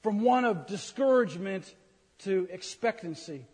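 A man's voice: high-pitched, expressive, a little slow, a little mellow, husky. A man preaching a humorous sermon, teasing the congregation and acting out grumbling complaints. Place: church sanctuary. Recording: reverberant church hall.

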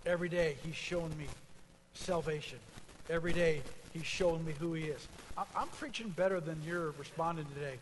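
A male pastor delivers a sermon in a high, bright-sounding voice, stacking repeated promises with growing fervor. Casual asides come between the declarations. His voice rings out with a long hall reverb. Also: fairly quick, a little hiss or hum. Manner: preaching with rising fervor, repetition.

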